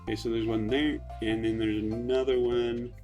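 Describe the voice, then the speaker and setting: A man casually commenting on gameplay in a relaxed, chatty way, with frequent hesitations. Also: mid-range voice, normal speed, music in the background. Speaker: let's play host.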